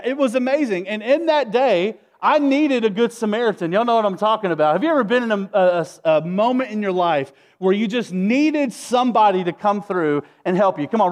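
A pastor preaching to his congregation with a notably high voice. He talks in an easy, energetic way and keeps calling the room to respond. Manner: conversational, energetic, rallies the congregation. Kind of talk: sermon. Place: church, before a congregation.

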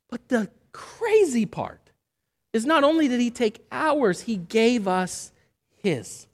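A woman preaching a sermon. She speaks earnestly and stresses key phrases by slowing down. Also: high voice. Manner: acts out the voices of people in the story.

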